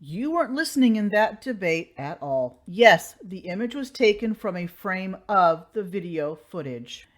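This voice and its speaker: A woman's voice: mid-range voice, animated, a little slow, few pauses. A woman hosting a commentary channel, talking in a sarcastic, exasperated reaction style.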